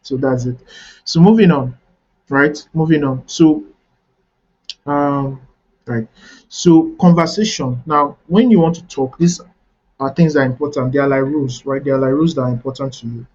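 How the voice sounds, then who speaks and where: A man's voice: medium pitch, moderate pace, darkish tone, breathy edge, dull audio. A man coaching a webinar audience on networking, teaching step by step and checking in with "right?" after key points.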